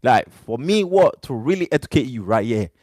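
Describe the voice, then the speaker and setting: A man's voice: mid-range voice, sing-song, moderate pace, a little mellow, dry recording. A man speaking English as a second language, hosting a live stream and talking straight to his chat in an emphatic, repetitive way. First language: not English. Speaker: livestream host.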